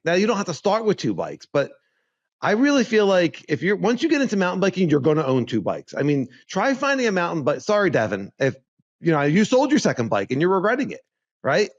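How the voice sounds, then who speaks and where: A man co-hosting a podcast in casual chat, animated and repeating himself, laughing often. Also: high-pitched, brisk, dry recording, dull audio. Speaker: podcast co-host.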